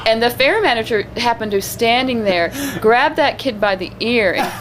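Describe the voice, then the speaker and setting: A woman's voice: on the high side, normal speed, noisy background. A woman who performs as a living statue, telling stories in a casual interview, with many fillers and restarts.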